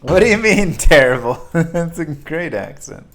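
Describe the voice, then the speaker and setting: A man's voice: on the high side, expressive, measured pace, a bit bright. A man streaming a game, chatting and joking with viewers as he plays. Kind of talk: casual gameplay commentary.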